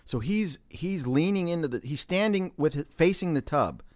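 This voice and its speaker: A man's voice: a little high, lively intonation, moderate pace, dry recording, clean studio sound. A man hosting a podcast in casual chat, explaining himself at length and telling stories. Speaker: podcast host. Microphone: studio microphone.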